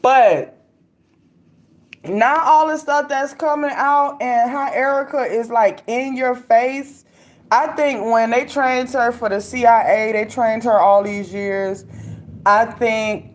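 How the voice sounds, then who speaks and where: A woman's voice: on the high side, fairly even intonation, slow pace. A young adult woman hosting a casual commentary chat, loose and talkative, laughing often and speaking with slang. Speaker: livestream host reading viewer comments.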